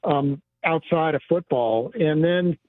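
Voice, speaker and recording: A man calls in as a sports reporter, speaking in a measured, storytelling way. His voice comes through a dry, tinny phone line with no room sound. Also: on the high side, dry recording. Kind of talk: phone interview.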